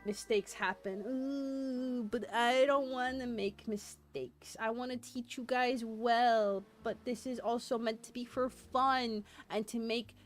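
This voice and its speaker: A woman streaming a history presentation live, excitable and self-deprecating, laughing often and reading chat aloud. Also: a little high, slow, hardly any pauses. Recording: faint music behind voice.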